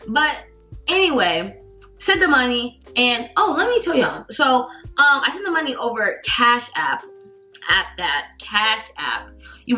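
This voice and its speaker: Young woman vlogger, on the high side, animated and slangy, camera-mic sound. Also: rough recording. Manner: animated, slangy, heavy use of "like". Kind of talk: casual storytime.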